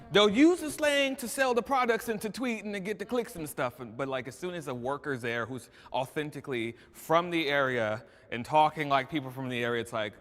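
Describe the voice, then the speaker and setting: A man's voice: a little high, fairly quick, hardly any pauses, fairly bright tone, big-room sound. A man in a panel discussion who speaks mockingly and imitates other people's voices. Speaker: panel participant.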